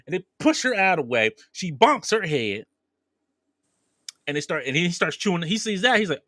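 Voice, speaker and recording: A man's voice: fairly high pitch, very animated, a little fast, noisy background. A man casually retelling a movie plot as a podcast co-host, acting out the characters' lines as he goes.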